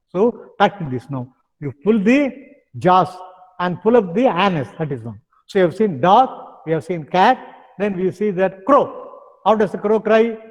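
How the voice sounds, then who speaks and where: A man's voice: high-pitched, darkish tone, in a large hall. A man with an Indian English accent, teaching a yoga lesson in an insistent way and repeating his points. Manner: insistent, repeats words like "now" and "understand". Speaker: yoga instructor. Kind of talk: online yoga lesson with demonstrations.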